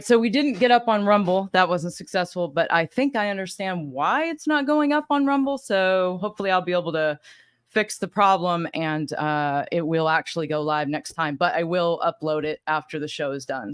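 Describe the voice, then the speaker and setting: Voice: mid-range voice, normal speed, a bit bright, clean tone, no echo, clean studio sound. A livestream host with a slight Southern US accent, chatting casually and rambling while greeting viewers by name. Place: home in Arizona.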